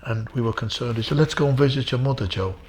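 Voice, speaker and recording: A man's voice: medium pitch, fast talker, a little mellow, a little hiss or hum. A middle-aged Irish man, a former boxer, telling emotional stories in an interview, earnest and repeating himself for emphasis. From Ireland. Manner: earnest, repetitive, addresses the host by name. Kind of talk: emotional storytelling.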